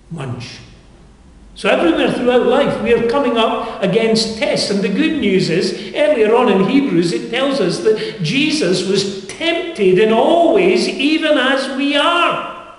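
An older man preaching a sermon, with earnest, dynamic delivery that surges up in pitch and volume. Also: sing-song, moderate pace, hardly any pauses. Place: chapel. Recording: echoey chapel with long reverb.

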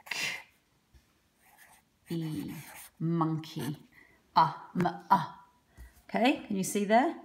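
Woman, primary teacher, low voice, very slow and patient delivery, sounds words out letter by letter. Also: darkish tone. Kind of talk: phonics lesson for children. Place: home.

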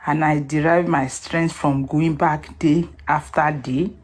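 Nigerian woman caller, emotional, low unhurried voice, mellow tone; sings partway. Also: fairly even intonation, slightly rough. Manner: emotional, sings a song in Yoruba. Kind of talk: emotional call-in speech with singing.

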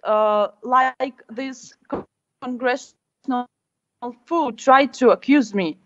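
A woman with a Russian first language voicing a fragile, tearful teenage girl activist in halting, broken English over a phone call. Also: high voice. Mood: upset. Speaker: prank caller.

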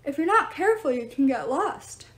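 A woman's voice: high-pitched, expressive, normal speed, a bit bright, pitched above the performer's own voice. A woman doing a grumbling, sniffly teen boy hero. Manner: grumbling, wry. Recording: roomy echo.

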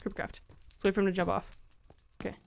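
A woman's voice: medium pitch, flat delivery, fast, creaky, darkish tone, no room sound. A woman giving casual, giggly commentary while playing a game and talking to her chat, squealing when she is attacked. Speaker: Minecraft let's-play gamer.

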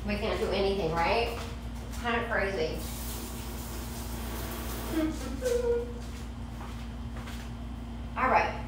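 A woman's voice: medium pitch, normal speed, very echoey, distant mic, background noise. A woman hosting a casual home cooking show, chatting and snacking in her kitchen as she preps food. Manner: chatty, eats while talking, laughs easily.

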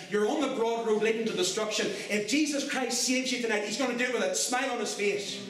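A man with a Northern Irish accent preaching an animated evangelistic sermon in a mission hall, swinging from loud to soft. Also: extremely high pitch, recorded from a distance. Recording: very echoey hall, mic from afar, faint hiss.

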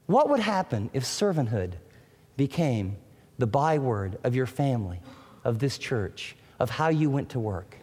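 A man preaching a sermon as a pastor, emphatic, with dramatic pauses and swings between loud and quiet. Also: medium pitch, big pitch swings, slightly rough, long reverb tail.

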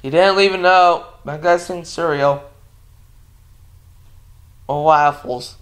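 A man's voice: on the high side, steady tone, takes it slowly, fairly bright tone, smooth. A man chatting casually to his viewers in a home vlog, rambling and sleepy, with lots of ums and restarts. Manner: sleepy, yawning. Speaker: vlogger.

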